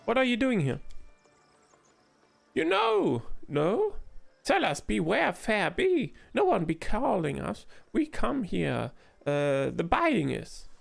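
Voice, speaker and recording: A man's voice: sits high, wildly swooping pitch, slow, gravelly, soft background music, voice pushed up, full character voice. A man voicing a quirky small male trader who boasts in mangled grammar, in a video game playthrough. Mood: chattering.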